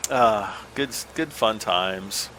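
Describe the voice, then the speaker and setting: A man's voice: lowish voice, very slow, sharp tone, a little hiss or hum. A middle-aged American man giving casual, rambling gameplay commentary, self-deprecating and chuckling often. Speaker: gaming channel host.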